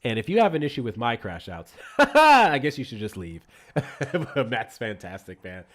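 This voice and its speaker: A man's voice: medium pitch, very animated, moderate pace, a bit bright. A man hosting a casual political livestream, laid-back and profane, laughing often. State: recovering from illness. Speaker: livestream host. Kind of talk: casual live-stream chat.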